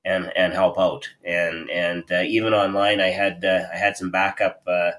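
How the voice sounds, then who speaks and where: Canadian guy, super deep but bright voice, lots of uhs, cohosting a video chat. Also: little pitch movement. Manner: halting, many fillers. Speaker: co-host.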